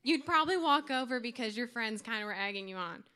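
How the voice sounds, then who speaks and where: A woman's voice: fairly high pitch, expressive, fast, sharp tone, clean tone. A young woman giving an earnest, informal youth sermon to her church group, with light laughs. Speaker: youth speaker.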